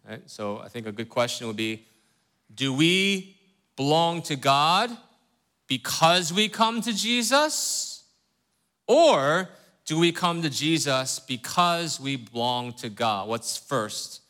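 A man's voice: mid-range voice, animated, bright, forceful tone. A man teaching a Bible study who keeps asking his listeners questions and checking in with "right?", earnest and emphatic. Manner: earnest, reads scripture slowly with rising emphasis.

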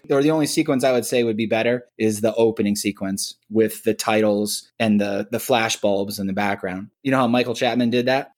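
A man co-hosting a casual film podcast, telling behind-the-scenes anecdotes in an animated, profane way. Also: medium pitch. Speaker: podcast host.

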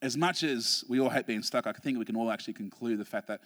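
An Australian man, a pastor, preaching a sermon through animated, humorous personal stories, often restarting his sentences. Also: medium pitch, quick pace, long reverb tail.

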